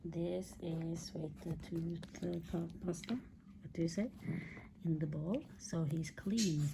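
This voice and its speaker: Woman, unhurried talk, affectionate and giggly, casual home vlog, faint background noise. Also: fairly low pitch, fairly even intonation, creaky. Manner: giggly, affectionate, slow-spoken. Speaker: pet owner vlogger.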